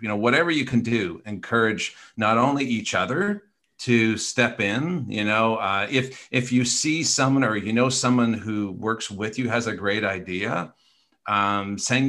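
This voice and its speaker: A man co-hosting a casual podcast speaks in a lowish, slightly bright voice at normal speed. His manner is earnest and coaching, with many fillers and restarts.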